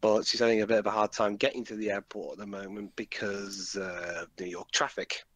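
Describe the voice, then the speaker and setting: A man's voice: fairly low pitch, fairly quick, no room sound. A man giving casual, joking movie commentary with friends. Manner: joking, animated asides.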